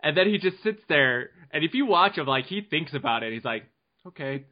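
A young man with a fairly high, expressive voice hosts a family podcast at a brisk pace. He chats easily, laughing and rambling through his thoughts with restarts, and the lo-fi audio sounds dull.

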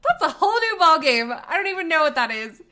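Brief: woman, 30s, podcast co-host, high bright voice, animated storyteller. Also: fast. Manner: animated storytelling, laughing often. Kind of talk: casual chat.

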